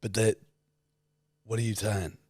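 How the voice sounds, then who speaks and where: A man's voice: fairly low pitch, level tone, a little slow, warm tone, breathy edge, dry recording, studio quality. A man co-hosting a podcast in casual, playful chat, swearing freely and. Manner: playful, swears freely, lapses into mock accents. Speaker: podcast co-host.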